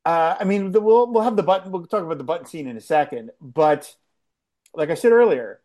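A podcast co-host chatting casually about a TV episode, laughing often and acting out quoted lines. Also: male voice, on the high side, expressive, fairly quick, dark tone. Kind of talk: casual chat recapping a TV episode.

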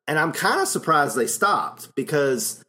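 A man's voice: on the high side, sing-song, unhurried, pushed and bright. A middle-aged man co-hosting a podcast, chatting casually and recapping film plots with frequent laughs. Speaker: podcast co-host.

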